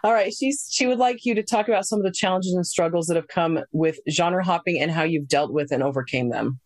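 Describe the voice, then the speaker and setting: Woman co-host, lowish voice, friendly questions, dry sound. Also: a little fast, no room sound. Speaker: podcast co-host. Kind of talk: casual podcast interview.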